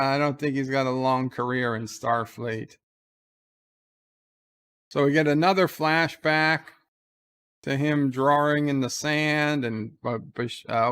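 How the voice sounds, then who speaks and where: A man's voice: mid-range voice, a bit bright, clean tone. A man giving casual live commentary on an episode, retelling scenes by quoting lines.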